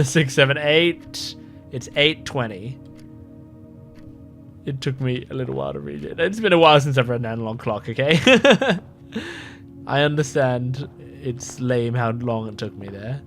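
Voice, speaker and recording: A drowsy man comments on a game he is playing, loose and conversational, breaking into laughs. His voice sits at a middle pitch, and faint music plays behind him. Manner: relaxed, chatty, laughs often. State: sleepy, yawning. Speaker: gaming video host. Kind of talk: casual let's-play commentary.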